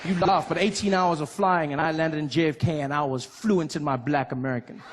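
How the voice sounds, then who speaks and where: A man from Africa, performing a lively stand-up comedy routine and acting out voices. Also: a little high, a little fast, background noise. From South Africa. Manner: animated, acts out voices and laughs.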